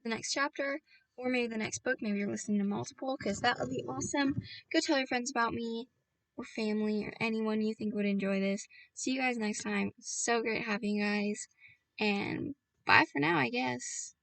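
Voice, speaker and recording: A woman reading a children's book aloud in a lively, expressive way. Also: fairly high pitch, normal speed, creaky, no room sound, distant mic. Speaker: audiobook reader.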